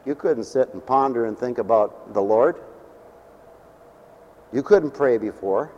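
A man preaching a sermon as pastor, swinging between loud declarations and hushed, low storytelling. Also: expressive, measured pace, long reverb tail, highs cut off.

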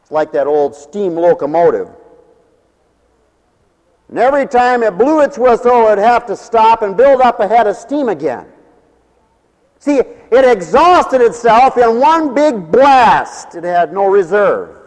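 A male preacher delivers a sermon in a high, animated voice that leaps up for emphasis and falls to near murmurs for asides. He slips into little voices to mimic everyday people. A long reverb trails after his words, as in a large hall. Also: unhurried. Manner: swings between raised preaching and low, quiet asides.

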